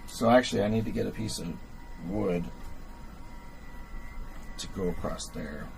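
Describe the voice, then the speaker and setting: A man with a gravelly, lowish voice speaks a little slowly while tinkering with gear on his livestream. He rambles casually, thinking out loud with lots of fillers and laughing at himself. Soft background music plays on the low-quality recording.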